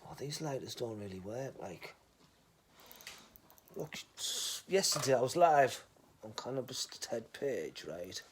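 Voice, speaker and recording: A man's voice: mid-range voice, very animated, unhurried, slight background noise. Rambling, jokey man on a live stream. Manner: mumbles asides, then calls out greetings loudly. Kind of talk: casual live stream chat.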